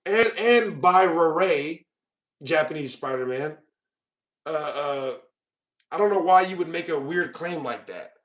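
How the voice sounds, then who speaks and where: High-voiced American man riffing on comments. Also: animated, unhurried, fairly bright tone, soft background music. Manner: joking, mock-offended, calls viewers bro. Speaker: host. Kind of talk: casual livestream chat reading comments.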